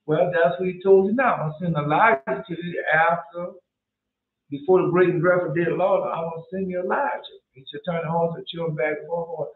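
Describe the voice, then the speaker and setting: Emphatic high-voiced male preacher on a tinny line. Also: fairly even intonation, fairly quick. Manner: repetitive, emphatic, stumbling restarts. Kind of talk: sermon reading and commenting on scripture. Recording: echoey, phone-like narrow sound.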